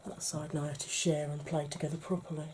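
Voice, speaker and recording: Soft-spoken woman doing a makeup tutorial. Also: low voice, little pitch movement, fairly quick. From United Kingdom. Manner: chatty, often drops to a whisper while working. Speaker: makeup vlogger.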